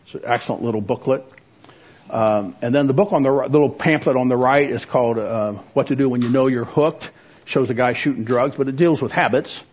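A man's voice: medium pitch, brisk, a little mellow, slightly rough. A man teaching a lecture on biblical counseling, earnest and exhorting, with frequent filler words. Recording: muffled lo-fi recording.

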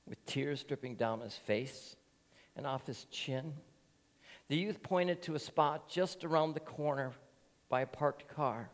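Slow, earnest pastor in a reverberant church. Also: male voice, mid-range voice. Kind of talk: sermon with told story.

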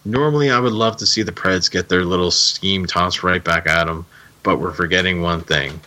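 A man's voice: sits low, moderate pace, bright, forceful tone. A man voicing a sarcastic male rat robot from a cartoon.

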